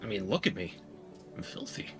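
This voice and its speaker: A man's voice: fairly low pitch, big pitch swings, a little fast, music in the background. A man voicing a shy, hesitant young street drummer in a tabletop game. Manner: hesitant, stammering, self-deprecating.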